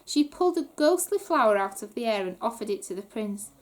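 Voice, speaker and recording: Woman reading a children's book aloud, high voice, very lively, animated. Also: a little fast. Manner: animated storytelling. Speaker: reader.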